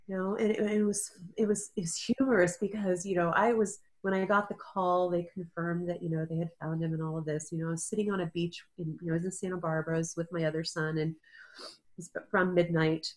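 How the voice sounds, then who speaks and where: Woman, middle-aged, interview guest, husky and low-pitched, emotional storytelling. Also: little pitch movement, quick pace. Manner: tearful at times, laughing through emotion.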